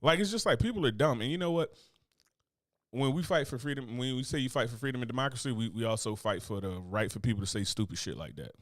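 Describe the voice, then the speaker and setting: An American man hosting a podcast, talking quickly and bluntly with plenty of profanity and joking asides. The sound is close and dry, with no room echo. His voice sits at a medium pitch. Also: animated. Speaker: podcast host. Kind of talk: casual podcast chat.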